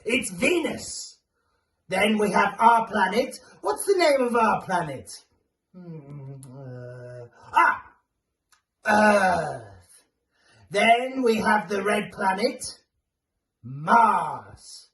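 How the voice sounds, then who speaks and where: Man playing a bouncy high-voiced creature teacher for a kids' show, slow and careful, echoey room off-mic. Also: lively intonation, a bit bright, exaggerated voice. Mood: playful. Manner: bouncy and playful, calls for audience replies. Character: playful Blur creature teaching children about planets. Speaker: children's presenter. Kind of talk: children's theatre character. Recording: roomy echo, far from mic, faint hiss.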